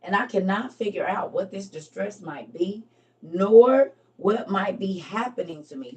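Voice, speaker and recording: A woman's voice: mid-range voice, animated, measured pace, a little mellow, far from the mic, lo-fi sound. A woman hosting a live stream, casually reading scripture aloud and talking it over with her viewers, laughing at her own slips.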